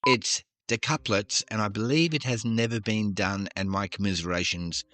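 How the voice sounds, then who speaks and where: A man's voice: fairly low pitch, moderate pace, noisy background. A man hosting a trivia podcast, reading questions with jokey, self-deprecating asides. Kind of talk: casual quiz podcast.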